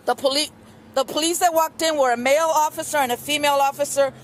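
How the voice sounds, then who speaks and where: A woman's voice: sits high, fairly even intonation, fast talker. A middle-aged woman gives an earnest, rambling witness statement at a press conference, with many fillers. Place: outdoor street press conference. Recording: news camera outdoors, faint street noise.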